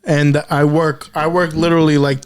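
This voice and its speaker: A man's voice: a little high, moderate pace, clear, resonant tone. Casual young man telling stories. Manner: swearing, animated storytelling with quoted voices. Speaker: podcast co-host. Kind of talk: casual chat.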